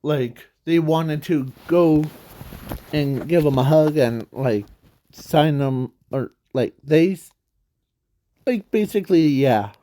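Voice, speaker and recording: A man's voice: fairly high pitch, takes it slowly, dark tone. A man telling an unscripted fan story in a rambling, hesitant way, full of fillers and self-corrections.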